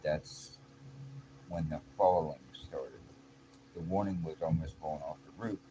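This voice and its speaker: Deep-voiced man telling a rambling story. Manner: rambling, halting, earnest. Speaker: vlogger. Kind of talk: casual confessional storytelling. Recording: noisy background.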